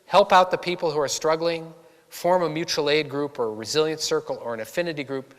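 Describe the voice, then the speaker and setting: Speaking briskly in a slightly high voice, a Boston-area author tells stories to an audience in a church hall and animatedly performs the voices of those he quotes. A long reverb from the hall fills the recording.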